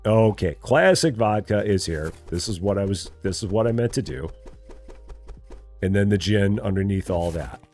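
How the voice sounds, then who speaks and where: He's a middle-aged man streaming a store simulator, chatty and self-talking while he stocks shelves, reading out and answering viewer chat. The voice is lowish, animated and a little mellow, at a moderate pace with faint music behind.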